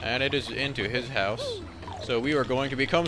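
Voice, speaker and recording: A man's voice: medium pitch, moderate pace, pushed and bright, soft background music. A man casually commenting as he plays a game, laid-back with mumbled asides. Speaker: let's play host.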